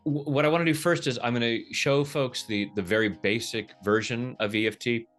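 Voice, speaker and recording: A man explaining a tapping technique in a relaxed, jokey way, slipping into quoted voices as he talks. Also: medium pitch, a little fast, faint music behind. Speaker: tapping practitioner, guest. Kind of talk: casual teaching over video call.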